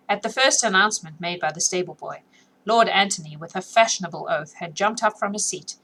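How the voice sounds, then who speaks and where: A woman's voice: medium pitch, sharp tone, a little hiss or hum, poor audio. A woman with a sore throat reading a classic novel aloud for her followers in a chatty way, stopping to fix her slips. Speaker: reader. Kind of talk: casual read-aloud for followers.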